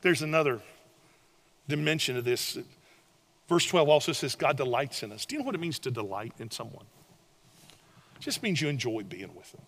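An older man preaching a sermon, telling animated stories and swinging between loud and hushed delivery. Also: medium pitch, normal speed, long pauses. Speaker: pastor.

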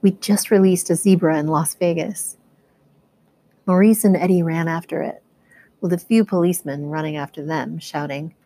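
A woman teacher reading a novel chapter aloud in a steady, expressive storytelling manner. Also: low-pitched, normal speed, no echo.

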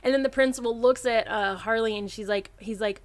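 A woman's voice: fairly high pitch, fairly even intonation, fast, few pauses. A woman hosting a casual chat, enthusiastically retelling a comic plot.

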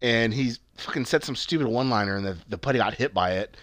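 A man's voice: mid-range voice, fast talker, a bit bright, no room sound, clean studio sound. A man co-hosting a casual chat about a TV show, rambling and swearing, with lots of fillers and restarts. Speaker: podcast co-host.

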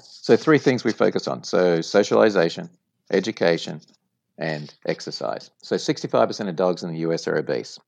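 A man's voice: low voice, lively intonation, normal speed, gravelly, dry recording, lo-fi sound. A man with a non-American accent, a business guest explaining his company in an interview, telling stories with examples. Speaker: franchise executive guest.

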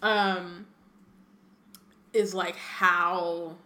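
Bright-voiced woman in an echoey room. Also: on the low side, little pitch movement, extremely slow. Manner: chatty, laughs often, reads with asides. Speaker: podcast co-host reading the book aloud. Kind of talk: casual chat and reading aloud.

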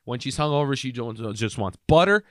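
Man, podcast host, casual storytelling, animated, mid pitch, dry close sound. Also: a little fast, dry recording. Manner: animated storyteller, acts out the people in his story.

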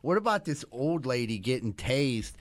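A man's voice: mid-range voice, big pitch swings, moderate pace, no room sound. A man chatting casually on a podcast, telling stories in a laid-back way. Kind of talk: casual chat.

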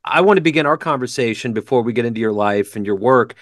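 A man's voice: mid-range voice, lively intonation, quick pace, no echo. Chatty male podcast host, dry sound. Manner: friendly, chatty, agreeable. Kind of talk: scripted intro then casual interview.

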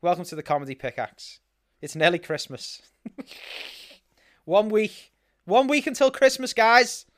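A man's voice: high-pitched, big pitch swings, unhurried, long pauses, a bit bright, dry recording, studio quality. A British man co-hosting a casual podcast, ranting with heavy profanity. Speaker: podcast co-host.

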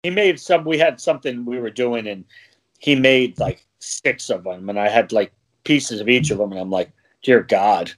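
A man's voice: mid-range voice, normal speed. A man who works as a wrestling referee, chatting casually on a podcast, laughing often and rambling with plenty of fillers.

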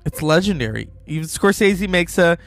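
A male podcast host talks about a film in a rambling, chatty way. His voice sits a little high. Faint music plays behind. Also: lively intonation, normal speed. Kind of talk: casual film commentary.

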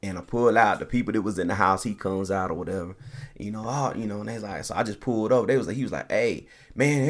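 Dude telling a funny story on his podcast, laughs a lot, does little voices for people. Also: lowish voice. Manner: animated storyteller, acts out quotes, laughs often. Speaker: podcast host. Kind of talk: casual storytelling.

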